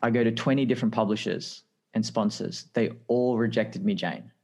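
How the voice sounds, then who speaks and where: An Australian man in his thirties, a podcast guest telling his career story in a lively, anecdotal way with frequent laughs. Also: lowish voice, normal speed, vocal fry. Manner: lively anecdotal, acts out dialogue, laughs often. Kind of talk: casual interview storytelling.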